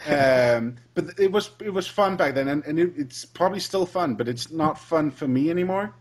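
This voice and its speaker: A man's voice: a little high, lively intonation, moderate pace. A man talking as a guest on a casual gaming podcast, chatty, often repeating words as he starts his sentences. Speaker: guest, let's player.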